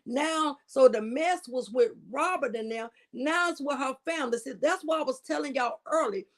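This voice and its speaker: A woman hosts a livestream, giving emphatic, preachy commentary. She often checks in with "right?" and speaks in a slightly high voice. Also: moderate pace. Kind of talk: casual commentary.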